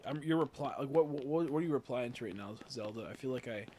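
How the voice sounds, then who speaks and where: Young male streamer, mid-pitched, rambling and giggly, profane; faint noise behind. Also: quick pace, warm tone. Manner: rambling, giggly, swears freely. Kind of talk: casual livestream chat while gaming.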